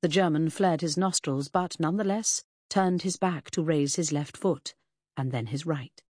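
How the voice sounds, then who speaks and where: Audiobook narrator, husky, calm storytelling, dry close sound. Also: male voice, a little high, no room sound. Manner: measured storytelling. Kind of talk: scripted narration.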